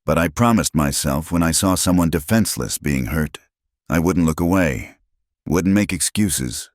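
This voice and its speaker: A man's voice: very deep voice, lively intonation, normal speed, no room sound, studio quality. A man voicing a stoic, reserved Apache scout who speaks in short, level sentences. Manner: terse, level, clipped sentences.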